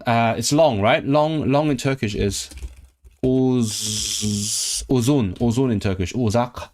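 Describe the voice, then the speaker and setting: A mid-range male voice with a darkish tone. The speaker, a man from Hong Kong, livestreams for his chat while learning a language, sounding out and repeating words and catching his own errors aloud.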